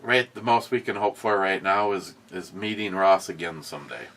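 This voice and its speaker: A man with a lowish voice hosting a casual beer review chat. He rambles through stories in a loose, profane way, and his voice gets animated as he goes. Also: normal speed, a little hiss or hum. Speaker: beer review podcast host.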